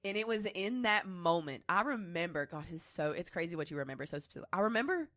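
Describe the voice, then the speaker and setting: A woman in her twenties co-hosts a casual podcast and tells a personal story candidly, rambling and restarting as she goes. Her voice sits a little low. The sound is dry and close. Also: animated, fast talker, a bit bright, no echo. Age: 20s. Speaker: podcast co-host.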